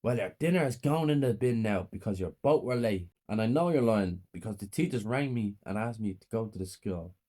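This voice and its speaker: A man's voice: fairly low pitch, lively intonation, dark tone. A man putting on a cruel, menacing mother. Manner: slow, menacing, scolding. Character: cruel, cold, abusive mother, adult woman.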